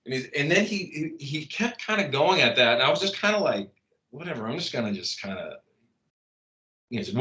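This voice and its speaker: Guy rambling through a story, bright voice, lots of likes and restarts. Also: medium pitch, lively intonation, brisk. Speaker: interview guest, copywriter. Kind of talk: casual storytelling in an interview.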